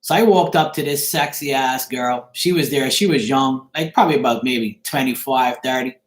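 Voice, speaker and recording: A middle-aged man chats casually with live stream viewers in a medium-pitched voice at normal speed, with a roomy sound. He rambles and keeps asking "you see what I'm saying" to check they're following.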